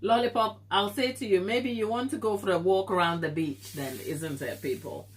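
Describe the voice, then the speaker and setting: A woman's voice: mid-range voice, normal speed, slight background noise. A woman with a stuffy nose hosting a live baking stream from her kitchen, chatting casually with viewers and laughing often. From Africa. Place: home kitchen.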